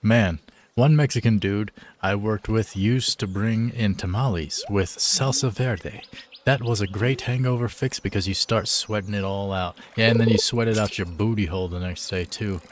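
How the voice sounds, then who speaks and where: A man's voice: on the low side, normal speed, a little hiss or hum. A man chatting casually on a live game stream, laid-back and joking, full of slang.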